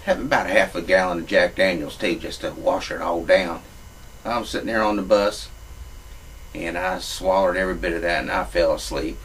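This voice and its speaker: A man's voice: low-pitched, normal speed, fairly bright tone, far from the mic, slight background noise, poor audio. A man, telling a crude comic story in a profane, drawling redneck manner. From Louisiana.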